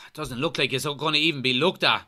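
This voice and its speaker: An Irish man from Kilkenny hosting a live football watchalong, commenting on the match, yelling and swearing at the referee, and reading out chat messages. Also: a little high. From Ireland, Kilkenny. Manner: excitable, yells at the referee, swears. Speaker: watchalong host.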